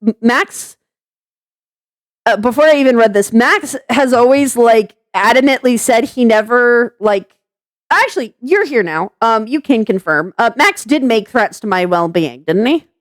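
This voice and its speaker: Sarcastic, laughing high-voiced young woman. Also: expressive, measured pace, no echo. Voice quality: high put-on sounding voice. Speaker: vlogger. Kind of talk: venting commentary.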